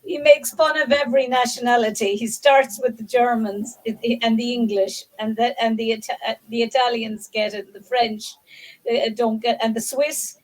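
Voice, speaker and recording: Woman, panel chat, fairly high voice, eager, conversational. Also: steady tone, normal speed, poor audio. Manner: chatty, explains eagerly.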